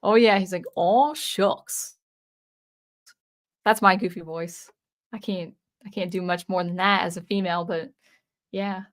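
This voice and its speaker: A woman's voice: on the low side, steady tone, moderate pace, a bit bright. A woman in her thirties chatting casually on a livestream as host, rambling and candid, often correcting herself mid-sentence. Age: 30s. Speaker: channel host.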